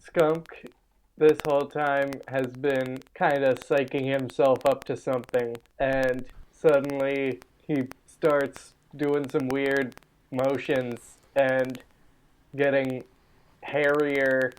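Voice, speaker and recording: Laid back guy player, slow talker, describes his moves. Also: medium pitch, level tone, clear, resonant tone, rough recording. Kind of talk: playing a tabletop game.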